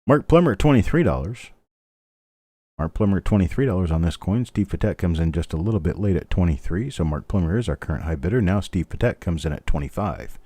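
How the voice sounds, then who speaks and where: A man's voice: low-pitched, lively intonation, fast talker, few pauses, dark tone, no echo. A middle-aged man hosting a live online coin auction, calling bids steadily and chatting between lots. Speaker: auctioneer host.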